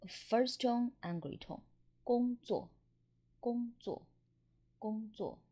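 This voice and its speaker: A woman with a Mandarin Chinese accent teaches pronunciation at a very slow, deliberate pace. Her voice is mellow and soft-edged. She repeats each word again and again in patient drills. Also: on the high side.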